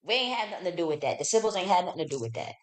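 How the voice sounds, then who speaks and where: A woman's voice: on the low side, sing-song, very fast. A woman hosting a live stream, talking in a casual, profane and emphatic way and breaking off to read verses aloud. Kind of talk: casual livestream monologue. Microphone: streaming setup.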